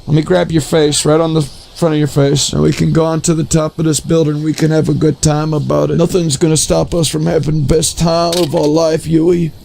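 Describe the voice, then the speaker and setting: A man streaming a game in casual commentary, excitable and joking, with lots of swearing and bursts of shouting. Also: on the high side, fairly quick, gravelly, a little hiss or hum.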